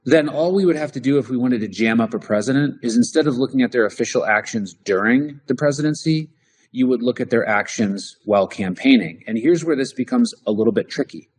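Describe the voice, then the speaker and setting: A man's voice: medium pitch, a little fast, a little mellow, slightly rough. A man co-hosting a political talk show, explaining his points in a conversational way and often restarting his sentences. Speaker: podcast co-host.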